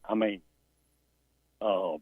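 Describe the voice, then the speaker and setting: A man's voice: fairly low pitch, extremely slow, breathy edge, no echo. A man calling in to a sports talk show, giving folksy, emphatic opinions. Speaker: caller. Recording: tinny phone line.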